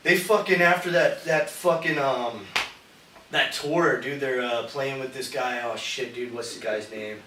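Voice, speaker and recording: A man's voice: mid-range voice, a little slow. Profane rambling man telling a story. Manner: rambling, profane, says "dude" constantly. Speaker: podcast co-host. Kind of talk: casual storytelling chat. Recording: roomy, distant mic with hiss.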